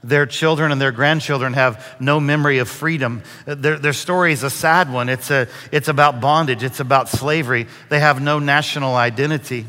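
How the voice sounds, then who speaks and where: A man preaching in a large church auditorium, his voice bright and forceful. Long reverb trails each phrase through the hall. He tells stories in a folksy, conversational way. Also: mid-range voice, steady tone, moderate pace, few pauses. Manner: folksy joke-telling, conversational. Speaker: guest preacher. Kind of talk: sermon with storytelling.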